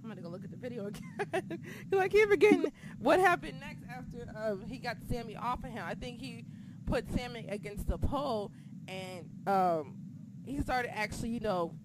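A woman co-hosting a casual chat, excitable and swearing freely, sometimes losing her train of thought. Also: fairly high pitch, noisy background. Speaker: podcast co-host.

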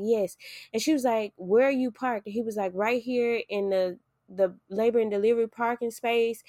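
A woman hosting a podcast, telling a personal story in casual chat, animated, acting out what people said and swearing freely. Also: fairly high pitch, no room sound, studio quality.

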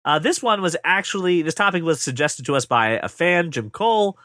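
Animated, bright-voiced male podcast host. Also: fairly high pitch, no room sound, clean studio sound. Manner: animated, joking, fast bursts. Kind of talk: casual chat.

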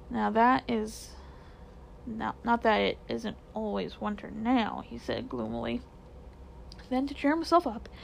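A woman reads a children's novel aloud at a steady, gentle pace. Her voice sits a little high for a woman, with a marked gravelly fry. She tells the story calmly and clearly. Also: a little hiss or hum, poor audio.

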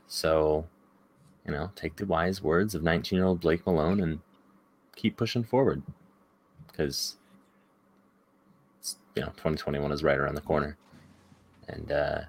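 Very deep-voiced male co-host. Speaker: podcast co-host. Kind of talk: casual chat.

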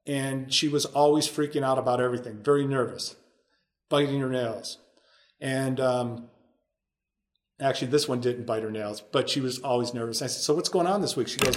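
A man's voice: medium pitch, fairly even intonation, normal speed. A man telling a story as a guest in a conversation, acting out the voices of the people in it. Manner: acts out quoted voices in his stories. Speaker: podcast guest.

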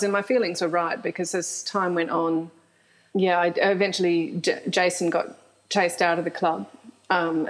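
A woman's voice: lowish voice, low-quality recording. A middle-aged woman, a guest telling frank stories in an interview and laughing often. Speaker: guest, author. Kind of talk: candid storytelling interview.

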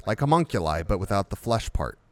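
A man's voice: on the low side, sing-song, a little fast, no echo. A man co-hosting an unscripted chat, rambling and spinning vivid comic examples. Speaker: podcast co-host.

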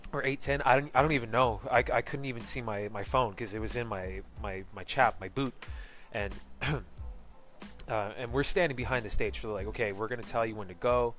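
A man's voice: medium pitch, moderate pace, fairly bright tone, soft background music. A man telling a casual story about a costumed event, rambling with many fillers and restarts and laughing often, into a close mic. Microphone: close personal mic.

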